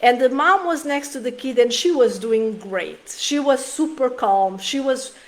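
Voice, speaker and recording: A woman's voice: fairly high pitch, expressive, measured pace. A woman in her thirties giving an earnest, emotional talk on parenting straight to the camera, often restarting her sentences. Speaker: parenting vlogger.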